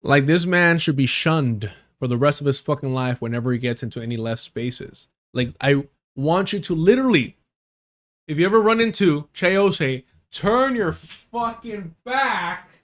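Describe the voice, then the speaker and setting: A man's voice: a little high, moderate pace, a bit bright. Profane, emphatic man hosting a stream. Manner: blunt, profane, emphatic, repetitive. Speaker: live stream host. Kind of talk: casual commentary while reacting to clips.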